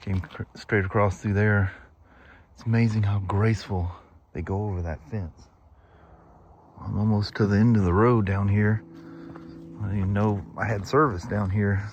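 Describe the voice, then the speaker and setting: A man's voice: on the low side, a little hiss or hum. Folksy man vlogging outdoors. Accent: Pacific Northwest American. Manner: folksy, chatty, rambling. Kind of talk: casual vlog chat. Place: outdoors, rural road and creek. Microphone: wireless clip-on mic.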